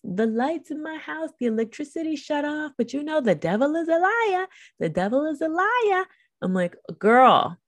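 A woman's voice: deep voice, no room sound, studio quality. A woman hosting a faith podcast, preaching in a fervent, emphatic, conversational way.

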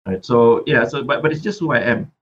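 A man's voice: medium pitch, lively intonation, brisk, fairly bright tone, dull audio, a little hiss or hum. A Malaysian man who raps, talking reflectively as a podcast guest and often repeating words while he thinks. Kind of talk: casual interview chat.

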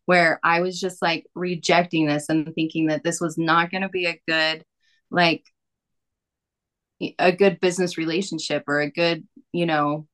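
A woman's voice: sits low, normal speed. Chatty woman telling a story. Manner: chatty, animated, many fillers and quoted asides. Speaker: podcast guest, massage therapist. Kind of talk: casual storytelling.

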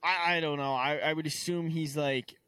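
A man's voice: fairly high pitch, steady tone, normal speed, bright, forceful tone, clear, resonant tone, no echo. A young man co-hosting a casual sports podcast, ranting in exasperation with stammered restarts. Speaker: podcast co-host.

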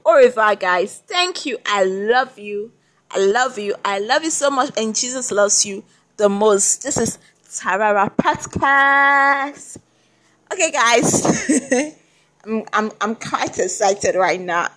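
A woman's voice: mid-range voice, fairly bright tone. A woman hosting her own podcast in a chatty, rambling solo monologue, often repeating herself. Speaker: podcast host.

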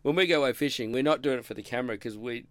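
A middle-aged man tells rambling stories on a podcast. His voice sits at a middle pitch for a man. It is recorded close and dry. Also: racing, no echo. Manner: chatty, rambling storyteller who acts out quoted dialogue. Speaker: podcast guest. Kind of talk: casual storytelling interview.

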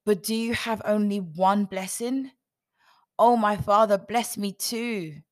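A woman voicing a desperate grown man, a firstborn son pleading loudly in a raised voice. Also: lively intonation, slow pace, gravelly, husky, exaggerated voice. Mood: begging. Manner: loud, pleading, pitched up.

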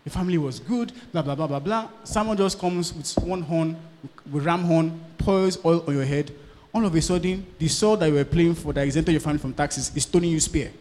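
A male pastor preaching a sermon, swinging from loud bursts to hushed lines and checking in with his congregation. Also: a little high, a little fast, big-room sound.

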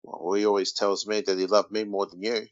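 Australian male podcast co-host, lowish voice, teasing, reads news aloud; dull lo-fi sound. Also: little pitch movement, a little fast, no room sound. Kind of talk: casual podcast chat. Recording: dull lo-fi dry recording.

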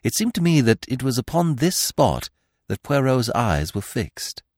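A man narrating a classic story in measured, scripted audiobook style. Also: medium pitch, sing-song, a little mellow, dry recording, clean studio sound. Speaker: podcast narrator.

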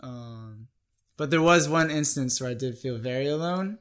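A young man appears as a guest on a podcast, casually storytelling in a relaxed, talkative way and ending sentence after sentence with "right?" He speaks at a moderate pace in a mid-range, everyday-pitched voice that sounds a bit bright.

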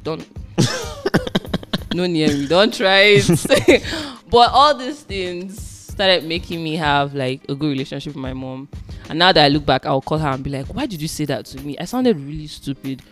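A woman's voice: low-pitched, expressive, a little fast, faint music behind. A young woman from Nigeria, a guest in a casual chat, telling stories animatedly and acting out her parents' voices.

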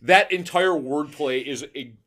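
A man's voice: a little high, unhurried, noisy background. A man co-hosting a podcast, chatting casually and acting out comedy sketches with laughter and swearing. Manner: animated, acts out quoted lines, laughs often, swears. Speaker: podcast co-host.

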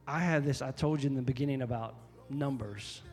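A man preaching a sermon as pastor, emphatic and repetitive, often rising to loud, high exhortation. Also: brisk, breathy edge, in a large hall, faint music behind.

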